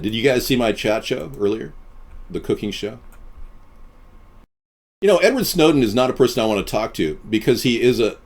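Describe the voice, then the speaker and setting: A man with a fairly low voice hosts a live stream and talks straight to his viewers. His delivery is deadpan and boastful, with pitch that rises and falls widely as he wanders from one subject to the next. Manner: deadpan, boastful, jumping between topics.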